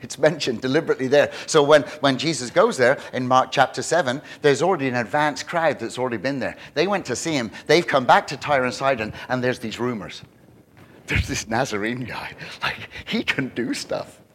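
A man preaching a sermon, animated and emphatic, with frequent restarts. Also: mid-range voice, fairly quick, few pauses. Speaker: pastor.

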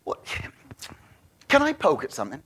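A man preaching a sermon as pastor, joking and animated, often repeating words as he restarts his thoughts. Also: a little high, normal speed, slightly rough.

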